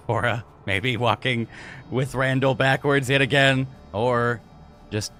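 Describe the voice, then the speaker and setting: A man's voice: medium pitch, takes it slowly, faint music behind. Laid-back male game master narrating. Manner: relaxed, with many fillers.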